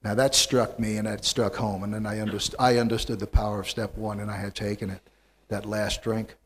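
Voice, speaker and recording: A man telling his recovery story to a live audience in a wry, animated way, swinging from loud to hushed. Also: lowish voice, fairly quick, a little hiss or hum. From United States.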